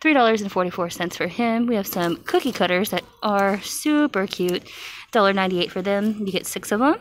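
A woman chats her way down a store aisle, reading out prices and gushing over cute decorations. Her voice sits at a middle pitch. A faint hum of shop noise runs behind her. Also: fairly quick. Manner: chatty, listing prices, cooing over cute items. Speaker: shopping vlogger. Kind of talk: casual store walkthrough narration. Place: large retail store aisle.

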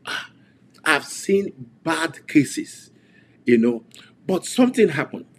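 A man's voice: fairly high pitch, sing-song, slow pace, slight background noise. A man preaching and leading an online prayer session, fervently repeating declarations. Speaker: pastor.

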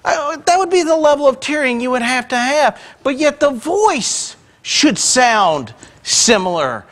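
A man with a strikingly high voice preaching a conversational sermon. He retells scripture in everyday words and drops in joking asides, speaking from the pulpit of a church. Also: very animated, measured pace, a bit bright. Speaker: pastor. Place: church sanctuary.

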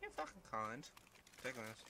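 Profane, excitable man commenting on gameplay. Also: mid-range voice, normal speed, gravelly. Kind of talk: let's play commentary. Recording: voice over loud game gunfire noise.

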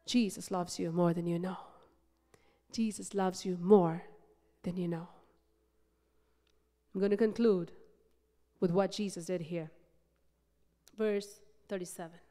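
A woman preaching a sermon in a church, passionate and emphatic, repeating phrases and swinging between loud build-ups and soft, low passages. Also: steady tone, measured pace, long pauses. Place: church sanctuary. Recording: long reverb of a church hall.

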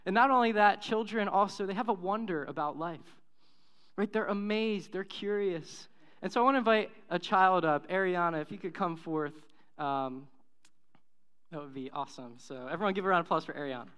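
A man's voice: sits high, brisk, fairly bright tone, smooth. A young man preaching a sermon as pastor, casual and upbeat with the congregation.

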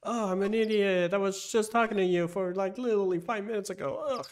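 A woman's voice: mid-range voice, fairly quick, a little mellow, slight background noise. A woman commenting on her own game play in a chatty, self-mocking way. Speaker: gaming video creator.

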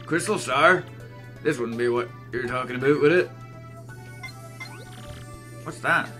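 A man's voice: medium pitch, measured pace, pushed and bright, soft background music. A man doing a hearty old Scottish-sounding turtle dad. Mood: cheerful. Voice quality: put-on Scottish accent. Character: elderly male turtle father, cheerful and folksy.

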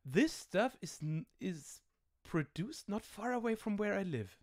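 A man with a German accent chatting through a retro game on an online call, his voice a bit higher than most men's. He rambles with lots of fillers and an amused, joking tone. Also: expressive, measured pace, a little mellow. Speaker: host. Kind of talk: casual game commentary.

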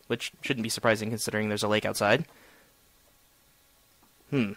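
A man's voice: fairly low pitch, fairly even intonation, moderate pace, long pauses, fairly bright tone, no echo. A young man giving solo gameplay commentary, chatty and sarcastic, talking to the objects he digs at. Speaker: gamer.

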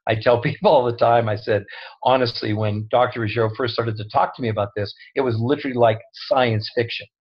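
A man's voice: medium pitch, steady tone, fairly quick, slightly rough. A man speaking as a guest co-author over an online call, earnest and humble, with many restarts. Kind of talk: casual talk on a call. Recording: dull lo-fi online audio.

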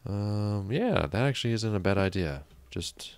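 Gaming host, male, deep with a creaky edge, rambles and mutters to himself. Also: animated, unhurried, no echo. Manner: chatty, thinks aloud, mutters counts under his breath. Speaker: let's play host. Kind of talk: casual gameplay commentary.

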